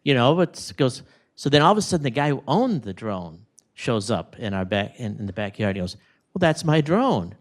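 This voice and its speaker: Male eulogist, animated anecdotal storyteller, memorial setting. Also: on the low side, fairly quick. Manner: rambling, animated anecdotes with acted-out quotes. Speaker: neighbor giving a eulogy. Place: room at a retirement community service.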